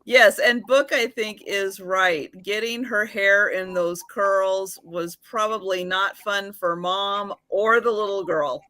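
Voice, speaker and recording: A woman's voice: mid-range voice, fairly even intonation, takes it slowly, few pauses, bright, forceful tone, no room sound. A woman with a Washington State accent, a guest on a live chat, talking with laughing, mock-indignant banter and many fillers. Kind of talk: casual live-stream chat.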